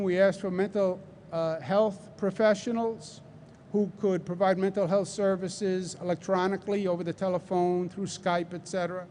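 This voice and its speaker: Slow emphatic man with a Queens accent. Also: high-pitched, a little mellow, slight background noise. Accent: New York (Queens). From New York. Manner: deliberate, emphatic, repeats points. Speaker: governor. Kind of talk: press briefing. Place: large convention center hall.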